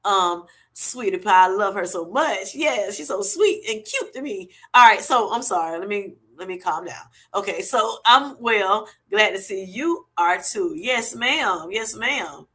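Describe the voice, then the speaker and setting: A middle-aged woman hosting a casual livestream, chatting warmly and thanking viewers by name. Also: medium pitch, animated, a little slow, few pauses. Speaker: livestream host. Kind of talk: casual livestream chat, reading comments.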